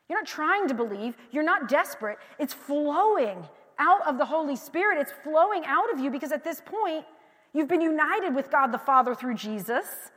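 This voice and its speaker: High-voiced woman preaching in a reverberant hall. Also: lively intonation, moderate pace. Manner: candid, personal storytelling with frequent restarts; swings between quiet confiding and loud emphatic passages. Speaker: pastor. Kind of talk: conversational sermon.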